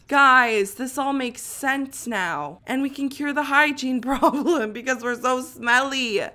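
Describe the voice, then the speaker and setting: A young woman giving casual, excitable commentary while playing a life-simulation game. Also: a little high. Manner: excitable, exclaiming and chatty. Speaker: gaming YouTuber.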